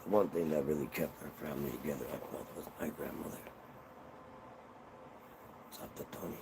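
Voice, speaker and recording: A man from Israel hosting a livestream, telling family stories in a casual, profane, animated way. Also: very deep voice, fairly quick, noisy background. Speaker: livestream host. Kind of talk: casual storytelling.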